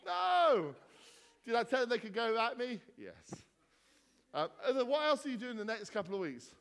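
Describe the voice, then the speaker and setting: A man's voice: extremely high pitch, big pitch swings, normal speed, vocal fry, a bit bright. Vicar guy teasing his congregation, voice jumps all over, echoey church hall. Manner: jokey, teasing, bouncy questions to the crowd. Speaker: vicar leading a church gathering. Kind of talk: playful banter with the congregation.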